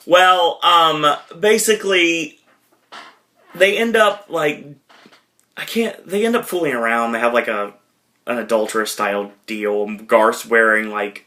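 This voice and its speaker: On a podcast, a host rambles through a casual film recap with many fillers and self-corrections. His voice is bright and mid-range.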